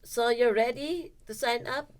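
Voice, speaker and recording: A woman's voice: fairly high pitch, unhurried. A woman hosting a streaming podcast, asking short questions in a casual, friendly way. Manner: friendly, brief prompts and back-channels. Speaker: podcast host. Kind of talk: casual interview chat.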